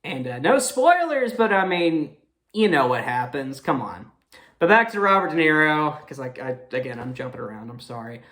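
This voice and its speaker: A man's voice: on the high side, sing-song, normal speed, fairly bright tone. Young man rambling through a movie review. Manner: rambling, many fillers and self-corrections. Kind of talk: casual movie review chat.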